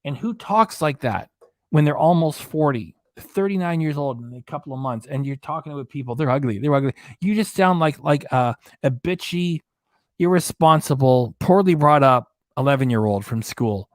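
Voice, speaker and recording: A man's voice: a little high, lively intonation, normal speed, dry recording, studio quality. A man delivering angry, indignant commentary, ranting and repeating himself. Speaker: reaction channel commentator.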